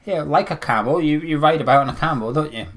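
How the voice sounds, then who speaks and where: A man's voice: on the high side, quick pace. A man co-hosting a casual podcast chat, rambling and opinionated. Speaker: podcast co-host.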